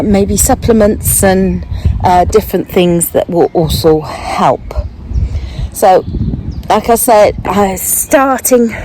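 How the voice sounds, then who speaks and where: An older woman chatting casually as she walks outdoors, getting out of breath, and thinking aloud in an unhurried way. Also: medium pitch, mellow, slight background noise, rough recording. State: out of breath while walking. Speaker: vlogger. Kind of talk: casual walking vlog. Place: outdoors, walking.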